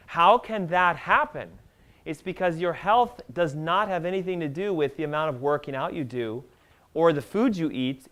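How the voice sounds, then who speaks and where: A man giving an animated health seminar to a live audience, talking fast and emphatically and firing questions at the room. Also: on the high side. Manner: emphatic, rapid-fire, asks the audience questions.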